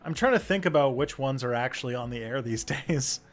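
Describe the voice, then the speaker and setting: A man hosting a casual chat, relaxed and hesitant, often laughing as he speaks. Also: mid-range voice, a little fast. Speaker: host.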